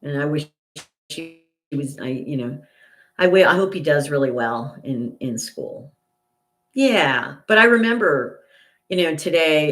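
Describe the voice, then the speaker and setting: An older woman chats away on her own livestream with a lower-pitched voice. She rambles through her thoughts with plenty of fillers and restarts. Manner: indignant, gets loud and high when retelling an argument. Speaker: channel host. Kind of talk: casual livestream chat.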